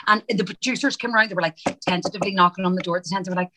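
A woman's voice: mid-range voice, rapid-fire, hardly any pauses, bright, forceful tone, poor audio. A middle-aged Irish woman and stage actress, chatting in an interview and acting out her own past lines as she tells stories. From Ireland. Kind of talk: casual interview chat.

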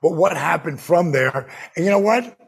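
Male podcast host: high, gravelly, swooping delivery, eager to jump in. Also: animated, normal speed. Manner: enthusiastic, interjects often. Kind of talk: casual interview chat.

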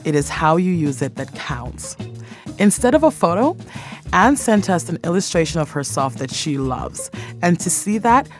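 A woman's voice: on the low side, sing-song, normal speed. Woman hosting a radio show over music. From Sierra Leone. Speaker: radio host.

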